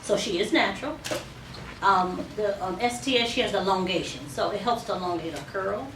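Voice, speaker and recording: A woman hair stylist talks through a salon demonstration in a chatty, explanatory way, with plenty of ums. Her voice sits at a middle pitch. The mic is some distance off in an echoey room, with salon noise clearly heard underneath. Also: moderate pace.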